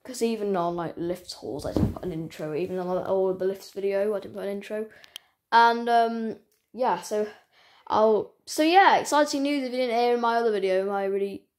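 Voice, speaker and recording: A woman talks casually to her channel's viewers in a mid-pitched voice. She rambles and halts as she goes, often restarting her sentences. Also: darkish tone. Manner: rambling, halting, many restarts. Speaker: channel owner. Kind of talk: casual vlog chat.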